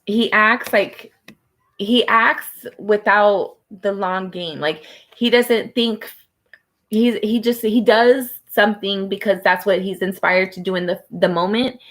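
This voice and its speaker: A woman's voice: mid-range voice, steady tone, slow pace, a bit bright. Chatty woman giving a tarot reading. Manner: chatty, rambling, many "like" fillers. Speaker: tarot reader. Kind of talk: casual tarot reading to camera.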